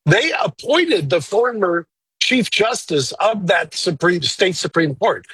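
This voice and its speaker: A man who works as a lawyer, giving blunt, opinionated but measured answers in an interview. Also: high-pitched, lively intonation, a bit bright, slightly rough, no echo, poor audio. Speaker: lawyer guest.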